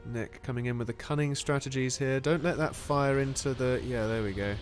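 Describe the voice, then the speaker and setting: Brief: male caster, mid-pitched, lively play-by-play of a strategy game with quick exclamations, faint music underneath. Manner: excitable, animated play-by-play with frequent exclamations. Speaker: game commentator. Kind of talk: live strategy game commentary.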